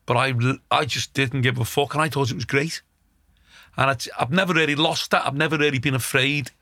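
Gravelly, sharp-toned comedian. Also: male voice, mid-range voice, fairly even intonation, brisk, dry recording. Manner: blunt, swearing storyteller. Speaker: comedian, podcast co-host. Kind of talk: casual chat.

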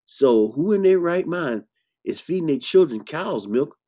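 A man's voice: on the high side, lively intonation, unhurried, dark tone. A man hosting a casual health talk as an herbalist, speaking bluntly and preachily with emphatic bursts. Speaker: herbalist host.

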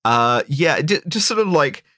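A man's voice: a little high, sing-song, a little slow, pushed and bright, dry recording, clean studio sound. A man co-hosting a podcast, riffing on a film in mock-academic irony, with many fillers and restarts. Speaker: podcast co-host. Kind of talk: casual comedic film review chat.

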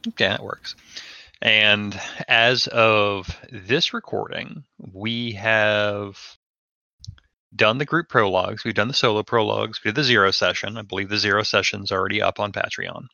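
A man hosting a casual podcast chat, relaxed and conversational, asking his co-player questions. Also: on the low side, normal speed, creaky, dry recording, muffled recording. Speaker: podcast host.

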